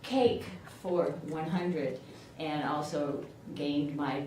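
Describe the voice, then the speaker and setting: Older lady w/ a southern illinois twang, chatty speech, low-ish voice, roomy hall, picked up from far off. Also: very slow, mellow. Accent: rural southern Illinois. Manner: chatty, self-deprecating, laughs often. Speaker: award recipient. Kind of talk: acceptance speech. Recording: echoey room from far off, background noise.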